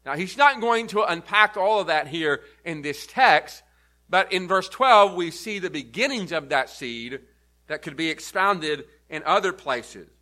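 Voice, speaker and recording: Bright-voiced pastor preaching emphatically. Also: male voice, high-pitched, expressive, a little slow. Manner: earnest, emphatic teaching with repeated stresses. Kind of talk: sermon. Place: church.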